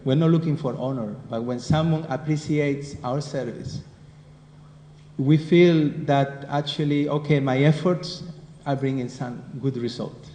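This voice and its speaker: A man with a Spanish accent leads a devotional scripture class, speaking in a warm, mellow voice and often turning questions to the room. His voice rings with a long, roomy hall echo, and a faint hiss runs underneath. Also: medium pitch, measured pace. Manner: conversational, keeps asking the listeners questions.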